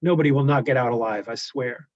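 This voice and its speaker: A man voicing a blind, enraged male giant Cyclops, talking loudly and menacingly. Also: medium pitch, fast talker, close to an everyday voice. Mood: brooding. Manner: loud, brooding and menacing. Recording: dull lo-fi recording.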